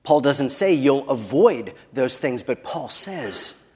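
A man preaching a sermon who builds to emphatic peaks and then drops very soft. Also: mid-range voice, sing-song, takes it slowly. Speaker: pastor.

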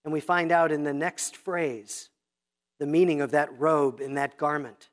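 Deliberate preacher teaching through scripture. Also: mid-range voice, steady tone. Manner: reads scripture slowly and deliberately, then explains; teacherly, points out repeated themes. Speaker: pastor. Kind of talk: expository sermon.

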